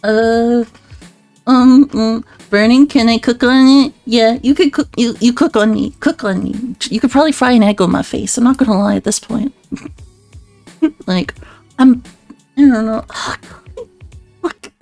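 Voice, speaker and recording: Woman streamer, high voice, giggly and flustered, swears a lot, dry close mic. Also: unhurried, long pauses, darkish tone, no room sound, faint music behind. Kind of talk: casual live-stream chat with viewers.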